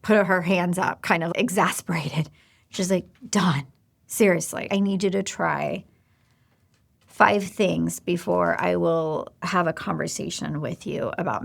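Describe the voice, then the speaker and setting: A woman's voice: on the low side, creaky. A woman in her forties hosting a podcast, telling a personal story in a candid, confiding way and speaking straight to the listener. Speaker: podcast host.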